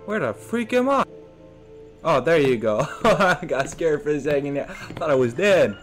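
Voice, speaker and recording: A young gaming streamer with a fairly high, animated voice talks at a moderate pace, casually commenting as he plays. He jokes and talks back to the characters in slangy let's-play commentary, with faint game music in the background.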